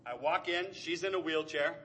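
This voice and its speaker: A man's voice: a little high, normal speed, sharp tone, a little hiss or hum. Earnest middle-aged man telling his story. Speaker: speaker at a recovery meeting. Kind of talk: personal recovery share.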